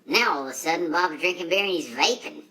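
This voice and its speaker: A man's voice: a little high, expressive, quick pace, pushed and bright, soft background music, rough recording. A man playing a brash foul-mouthed redneck racer. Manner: profane, rambling, boastful trash talk. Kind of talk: comedic monologue to camera.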